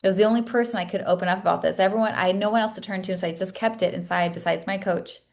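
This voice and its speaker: A woman's voice: medium pitch, fairly even intonation, racing, gravelly, darkish tone. A woman coach in her thirties opens up to her class with an earnest, personal story. She speaks with raw emotion and often stops to restart a thought, in an ordinary mid-range voice. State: tearful at times. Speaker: coach leading a masterclass.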